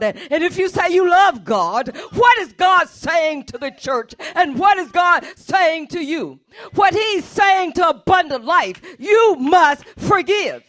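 Woman, pastor, church sermon, high voice, bright ringing tone, shouts her points. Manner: impassioned, repetitive preaching, often shouting.

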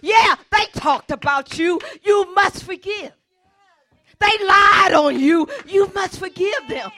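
A woman's voice: very high voice, slow pace. A woman pastor preaching an impassioned sermon in church, repeating her point with force. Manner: impassioned, repetitive preaching, often shouting.

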